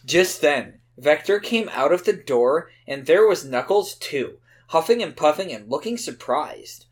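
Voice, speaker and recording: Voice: mid-range voice, animated, unhurried, breathy edge. A podcast host reading a fanfic aloud for laughs, often breaking into giggles.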